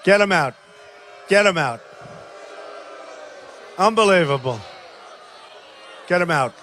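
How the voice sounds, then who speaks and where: A man's voice: high voice, lively intonation, slow, pushed and bright, a little hiss or hum. An older man giving a rambling campaign rally speech, repeating himself and talking straight to the crowd. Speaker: political candidate. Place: large rally crowd by a plane.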